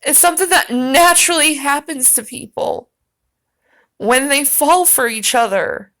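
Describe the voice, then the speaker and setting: A woman with a high, bright voice talks back at a video during a stream. She rambles, swears freely and speaks straight to the man she is watching. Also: a little slow. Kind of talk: casual reaction commentary.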